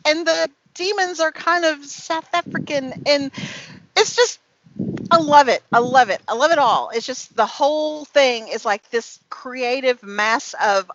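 A woman's voice: on the high side, fairly bright tone, no echo. Tipsy, giggly woman swearing freely. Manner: giggly, profane, rambling. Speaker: author guest. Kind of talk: casual podcast interview. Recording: dry, dull lo-fi call audio.

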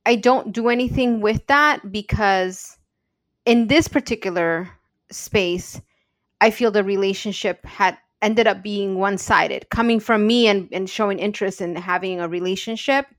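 Recorded at studio quality with no echo, a medium-pitched female voice speaks at a moderate pace. She co-hosts a podcast, chatting casually and sharing personal stories earnestly and openly.

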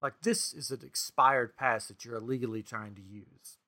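A man's voice: medium pitch, moderate pace. A man co-hosting a podcast, casually retelling a frustrating experience with lots of quoted back-and-forth. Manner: animated, exasperated retelling with quoted dialogue. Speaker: podcast co-host. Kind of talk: casual storytelling chat.

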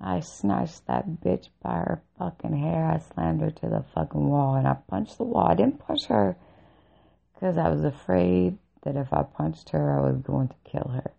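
A woman's voice: low-pitched, moderate pace, creaky, mellow. A woman vlogger telling a personal story in a blunt, heavily profane way, often breaking into laughter. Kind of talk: casual personal storytelling rant. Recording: dull lo-fi recording.

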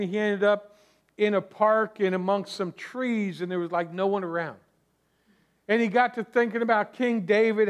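A man's voice: high voice, clear, resonant tone. A man preaching a sermon as pastor, conversational, with restarts and asides to the congregation.

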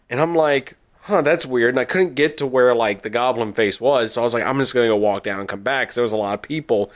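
A man, a podcast host, telling a long rambling story in casual chat and laughing often. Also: medium pitch.

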